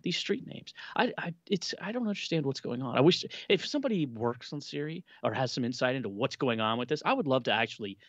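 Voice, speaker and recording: A man co-hosting a tech podcast, talking with an animated, lively voice full of restarts and exasperation. His remote audio sounds dull and muffled. It is dry, with no room sound. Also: medium pitch, fast, few pauses, no echo. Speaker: podcast co-host. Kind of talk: casual tech podcast chat.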